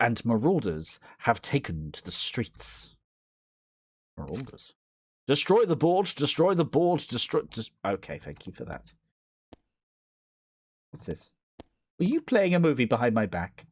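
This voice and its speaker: A man's voice: mid-range voice, very animated, unhurried, breathy edge, no echo, studio quality. A man rambling jokily through a horror game playthrough, reading the game's text aloud and slipping into silly voices. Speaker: gaming YouTuber.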